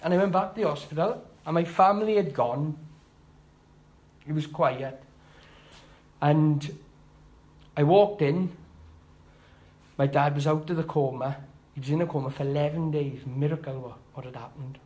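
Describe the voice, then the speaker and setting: A middle-aged man giving a personal church testimony, halting and heartfelt, with restarts and rising emphasis. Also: on the high side, darkish tone, rough recording. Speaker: testimony speaker.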